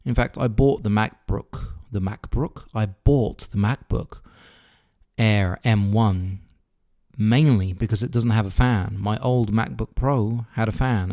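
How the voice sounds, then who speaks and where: A man's voice: lowish voice, darkish tone. A man in his forties with a London English accent, casually reviewing a microphone in a small home studio and laughing at his own slips. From England. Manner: chatty, self-mocking, stumbles over words. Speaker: gear reviewer, host. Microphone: camera-mounted shotgun mic about arm's length away.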